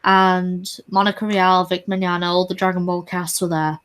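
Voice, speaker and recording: A woman with a fairly low voice talks casually on a livestream. She states her opinions firmly and plainly, and keeps the same steady tone as she explains. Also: moderate pace, clear, resonant tone. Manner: firm, opinionated commentary.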